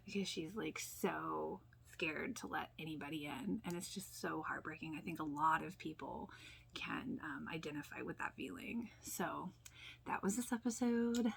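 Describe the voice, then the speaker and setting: Gravelly low-voiced woman chatting casually. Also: normal speed. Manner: chatty, full of "you know" and "like", drifts into soft near-whispers; laughs often. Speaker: YouTube reaction host. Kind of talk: casual rewatch reaction commentary.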